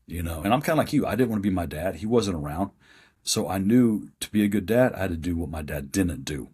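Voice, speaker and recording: A man's voice: low voice, expressive, fast talker, a little mellow, breathy edge. A man in his fifties, a podcast guest telling his life story in a plain-spoken, earnest way. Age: 50s.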